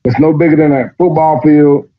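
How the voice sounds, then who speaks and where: A man's voice: fairly high pitch, steady tone, moderate pace. A man, podcast host, reading scripture aloud and mocking it in a casual, profane way. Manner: profane, mocking, reads passages aloud then riffs. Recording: dull lo-fi recording.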